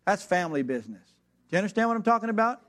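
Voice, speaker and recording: Rapid-fire and high-pitched, this preacher races through a personal anecdote. He brings the characters to life by imitating them and keeps laughing as the story unfolds.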